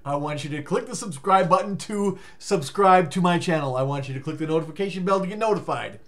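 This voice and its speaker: Casual vlogger, male, tired, rambling and stammering, slightly high voice, goofy sing-song bursts. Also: fairly quick, a little hiss or hum. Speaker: life coach vlogger.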